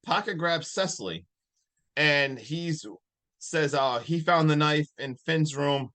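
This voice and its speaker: A man with a slightly high voice tells a film's story in casual podcast chat. He talks in an animated way and laughs often. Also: takes it slowly. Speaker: podcast co-host. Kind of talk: casual movie recap.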